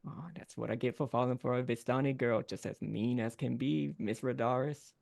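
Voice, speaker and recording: A man's voice: mid-range voice, fairly even intonation, moderate pace, vocal fry, a little mellow, lightly acted. A man voicing a jovial male werewolf band frontman with a Southern drawl and folksy, teasing stage banter.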